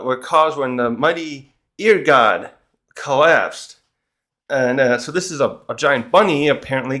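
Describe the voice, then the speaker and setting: A man of middle pitch talks casually on his own about a comic chapter. He rambles and cuts himself off mid-sentence, then slips into quick acted bits of the characters' lines. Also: pushed and bright. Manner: rambling, self-interrupting, acts out characters' lines. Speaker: manga review host. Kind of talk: casual solo chapter review.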